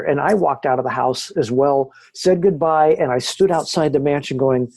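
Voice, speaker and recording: Animated storyteller with a dark, husky voice. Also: medium pitch, normal speed, no room sound. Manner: animated, acts out quoted voices, frequent restarts. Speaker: guest telling haunting stories. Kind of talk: conversational storytelling interview.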